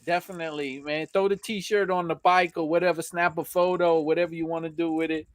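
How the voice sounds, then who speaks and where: A man with a New York accent hosting a casual live stream, giving shout-outs to viewers and laughing often. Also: a little high, little pitch movement, a little fast, no room sound. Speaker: host.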